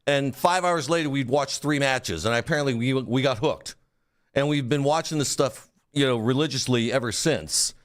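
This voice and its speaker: A man's voice: mid-range voice, moderate pace. A man chatting as a guest in a radio studio, eagerly explaining a sport and stumbling over his first words. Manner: enthusiastic, explanatory, repeats words when starting. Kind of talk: casual studio chat.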